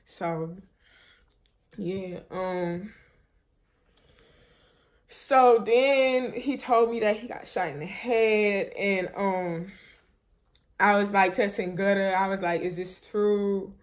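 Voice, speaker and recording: A woman's voice: medium pitch, takes it slowly, pauses often. A young woman vlogger, telling viewers a painful personal story in a rambling, grieving way, full of fillers and restarts. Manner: grieving, subdued and shaky.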